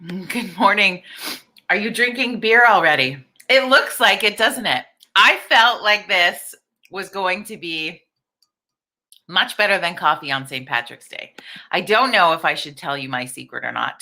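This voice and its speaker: This livestream host is a middle-aged woman chatting casually and candidly, cursing freely and welcoming viewers by name. Her voice sits on the low side and has a sharp tone.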